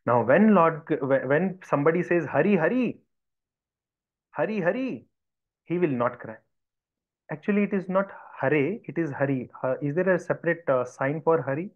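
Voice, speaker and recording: A man's voice: fairly high pitch, a little fast. A man, teaching by storytelling in a devotional lesson and acting out the voices of villagers. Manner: animated, acts out voices of villagers. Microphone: video call. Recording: dull lo-fi video call audio.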